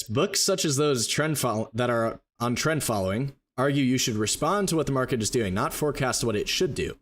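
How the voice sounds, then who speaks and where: A man teaching trading live, walking through charts and rapidly acting out a confused trader's thoughts. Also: mid-range voice. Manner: rapid, emphatic explaining with mock inner voices. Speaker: trading educator. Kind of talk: live stream chart walkthrough.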